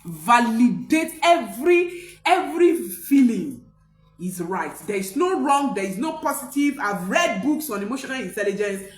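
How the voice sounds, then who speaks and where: A woman's voice: medium pitch, animated, brisk, hardly any pauses, echoey room, faint music behind. A woman parenting coach, giving an emphatic motivational talk with preacher-like repetition. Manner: emphatic, preacher-like repetition, rising to near-shouts.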